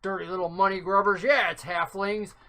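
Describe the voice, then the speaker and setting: A game master voicing a gruff half-orc shipwright. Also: mid-range voice, fairly even intonation, pushed and bright. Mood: grumbling. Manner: grumbling, quick to complain, bursts into roaring laughter. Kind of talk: voicing a character in a tabletop game.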